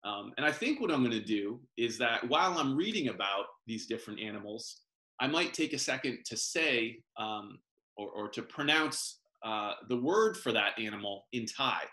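A man reading a children's picture book aloud in a gentle sing-song, pausing to explain words over a video call. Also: mid-range voice, animated. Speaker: professor reading picture books to families. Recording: roomy echo.

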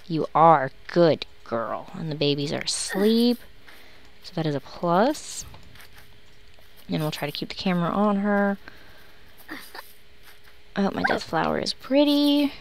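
This woman's voice is fairly low and sing-song, with a measured pace and frequent pauses. As a let's play host, she grumbles sarcastically at her life-sim characters in casual commentary, with music playing behind her.

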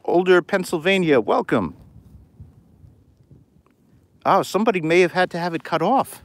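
A man with a New York accent hosting a live outdoor metal detecting vlog, talking excitably and rambling from thought to thought. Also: high voice, normal speed, no echo. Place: outdoors on a beach.

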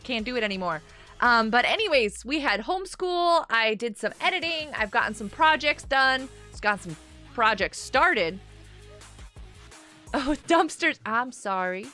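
A woman's voice: on the high side, pushed and bright. A middle-aged woman hosting a casual gaming live stream from home, bubbly and giggly as she reads viewers' chat aloud. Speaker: livestream host. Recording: faint music behind.

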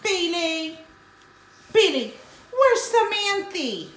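Woman dog owner, very high and slow, coaxing pet baby talk, echoey room. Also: big pitch swings, fairly bright tone. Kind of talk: casual home video.

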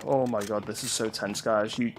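A man commentating his gameplay, excitable and swearing, yelping and laughing at the action. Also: fairly low pitch, noisy background. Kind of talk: let's-play commentary. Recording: game gunfire loud in the mix.

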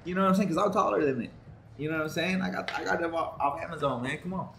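A young man giving casual, excitable gameplay commentary while playing a football video game, swearing, joking and shouting at the screen. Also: a little high, quick pace, vocal fry, slight background noise. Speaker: gaming streamer.

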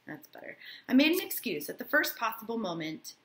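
A woman's voice: fairly high pitch, sing-song, brisk, a bit bright. A woman teacher reading a novel aloud to her class and breaking off for casual asides, often checking in with "right?".

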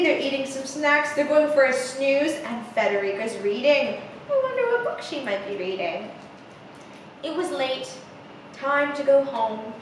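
A young woman reading a picture book aloud to children, animated and chatty with many asides, in an echoey room heard from a distance. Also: high-pitched, slight background noise. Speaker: theatre coach reading to children.

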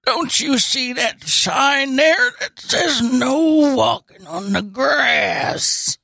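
A woman putting on the voice of a cranky, foul-mouthed old man who shouts at kids to get off his lawn, in a comedy bit. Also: sits high, lively intonation, extremely slow, dry recording, voice pushed down, exaggerated voice. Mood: yelling. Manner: gruff, shouting and bellowing. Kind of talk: improvised comedy bit on a podcast.

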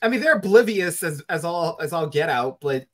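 A man's voice: a little high, expressive, normal speed, fairly bright tone. A young man hosting a podcast interview, eager, gushing and apologetic, wrapping up with his audience. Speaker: podcast host.

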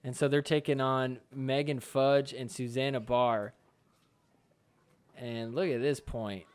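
Over match footage, a sports podcast host offers casual video commentary in a medium-pitched, clean-toned voice at a slow pace. He is chatty and animated, playing out the reactions of the players.

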